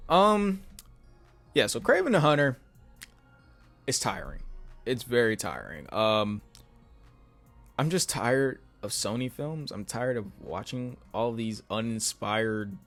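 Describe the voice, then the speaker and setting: A man's voice: medium pitch, big pitch swings, slow pace, long pauses, a bit bright, soft background music. A man giving a casual spoken film review in a weary, rambling way, with many fillers and restarts. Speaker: YouTube movie reviewer.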